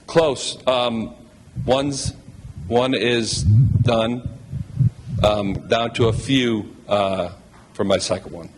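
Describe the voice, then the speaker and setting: A man's voice: medium pitch, drawn-out words, slight background noise. A man speaking as a new head basketball coach at a press conference, heartfelt, emotional and thankful.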